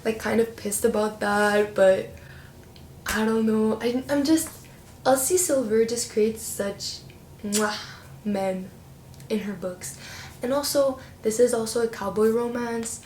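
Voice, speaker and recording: A woman's voice: on the high side, takes it slowly. Chatty young woman, echoey room. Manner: chatty, expressive, playful slang. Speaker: book vlogger. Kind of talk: casual book review chat. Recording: roomy echo with faint background hiss.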